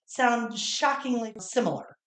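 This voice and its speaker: A woman's voice: a little high, a little slow, a bit bright, roomy sound. A woman co-hosting a cooking podcast in a home kitchen, chatting casually and making dry, joking asides. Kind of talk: casual chat.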